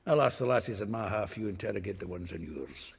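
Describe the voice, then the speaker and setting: An actor playing a gruff, boisterous male dwarf companion in a video game, speaking with a coarse, earthy way of talking. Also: lowish voice, lively intonation, fast, exaggerated voice. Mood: brusque. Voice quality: gravelly, earthy, coarse-spoken.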